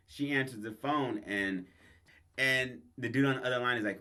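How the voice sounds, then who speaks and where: A man's voice: medium pitch, normal speed, bright, forceful tone. A man co-hosting a podcast, telling a crude story in casual chat and acting out the characters' lines in put-on voices. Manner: crude, laughing, acts out quotes in voices. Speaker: podcast co-host.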